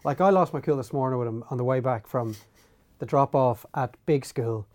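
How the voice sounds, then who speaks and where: A middle-aged man, a podcast co-host telling animated stories about parenting and mimicking himself shouting at his kids. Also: medium pitch, normal speed, a little hiss or hum. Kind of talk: casual chat.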